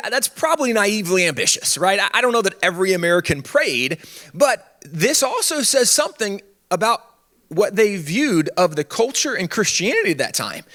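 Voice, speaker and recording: Male conference speaker, higher-pitched, very animated delivery; chatty and funny, throws in quick asides. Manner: humorous, conversational, with quick asides. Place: conference stage.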